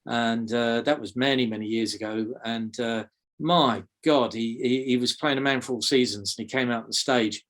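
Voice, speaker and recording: English man, softened accent, mid-pitched, halting delivery full of fillers; interview guest. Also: steady tone. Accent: English, softened toward RP. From South London, England. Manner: hesitant, many fillers and repeated words. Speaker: magic teacher, guest. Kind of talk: conversational interview.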